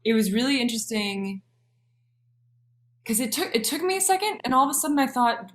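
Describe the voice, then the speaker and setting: A woman's voice: on the high side, expressive, normal speed. Hesitant woman thinking aloud. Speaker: panelist on a talk show. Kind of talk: casual discussion.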